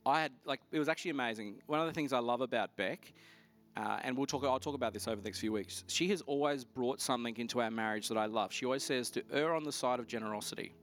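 A man preaching to his church, sharing a personal testimony. He speaks at a mid pitch in a conversational, storytelling manner and climbs high when he gets excited. Soft music plays faintly behind him. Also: fast talker. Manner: animated storytelling, voice rising sharply when excited. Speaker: pastor.

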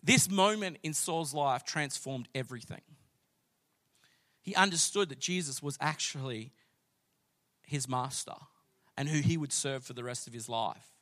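A man's voice: medium pitch, unhurried, long pauses. A man, preaching a sermon and telling a story with rising passion. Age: late 30s. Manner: storytelling, builds to loud passionate declaring. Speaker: pastor.

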